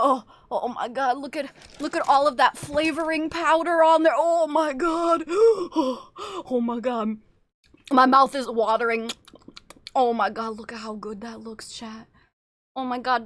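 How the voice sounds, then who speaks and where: Young streamer girl, high bright voice, gushy and hyped, dry close sound. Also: no echo. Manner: excitable, gushing, swears casually. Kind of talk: casual live-stream chat.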